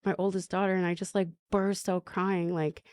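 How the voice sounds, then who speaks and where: Woman, middle-aged, lower register, halting confessional storyteller, dry booth sound. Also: flat delivery, darkish tone, no echo. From Canada. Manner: halting, many fillers and restarts. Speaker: podcast guest. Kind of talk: emotional personal recovery story.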